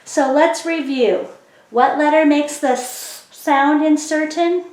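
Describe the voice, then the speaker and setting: A woman teaching a phonics lesson to children, explaining slowly and clearly with encouraging prompts. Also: sits high, darkish tone. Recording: echoey room.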